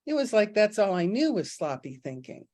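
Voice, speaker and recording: A middle-aged woman talks frankly and mocks herself, telling personal stories in a loose, conversational way. Her voice sits at an ordinary middle pitch for a woman, and she often breaks into laughter. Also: very animated, normal speed, darkish tone. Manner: candid, self-mocking, laughs often. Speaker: spiritual teacher. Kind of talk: casual spiritual talk with storytelling.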